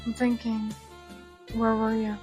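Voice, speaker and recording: A woman's voice: on the high side, completely flat delivery, takes it slowly, darkish tone, soft background music. A woman gaming YouTuber reading a survival visual novel aloud, mixing dramatic reading with joking commentary.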